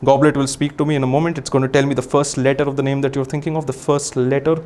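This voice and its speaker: A man's voice: mid-range voice, flat delivery, quick pace, darkish tone. A young man with an Indian English accent, hosting a live magic act with playful, teasing, theatrical commands on stage before an audience. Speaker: comedian and magician host.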